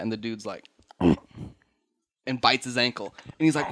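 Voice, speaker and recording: A man's voice: mid-range voice, measured pace, a bit bright. A man hosting a podcast, telling a story casually, rambling and laughing, swearing and acting out voices. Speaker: podcast host.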